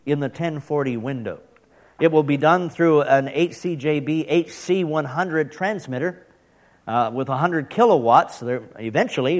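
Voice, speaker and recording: Casting: canadian guy, a bit high-pitched, preacherly but playful, church mission presenter. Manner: earnest, preacherly, with playful asides. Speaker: missionary radio speaker.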